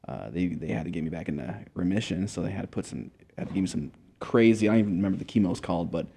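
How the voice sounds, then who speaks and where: A young man with a very low, gravelly voice and a dark, mellow tone. He is a guest telling his story in a casual interview. He talks in a laid-back way, swearing often and filling gaps with loose filler words. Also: rapid-fire, slight background noise. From Montana, USA.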